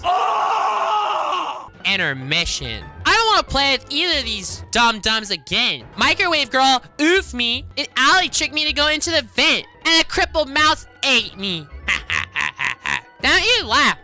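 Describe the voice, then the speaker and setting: A woman talks through her gameplay in casual commentary, teasing and sassy. Her voice is very bright and sharp. Her pitch swings widely, and she breaks into sudden excited shrieks. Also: measured pace, faint music behind. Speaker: gaming video host.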